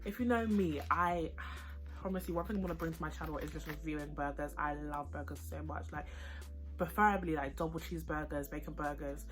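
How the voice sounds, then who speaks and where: A woman's voice: sits low, fairly quick. A young woman, chatting casually while eating and reviewing food and a film. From United Kingdom. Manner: chatty, excitable, slangy, eating while talking. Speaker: vlogger. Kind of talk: casual mukbang chat and review.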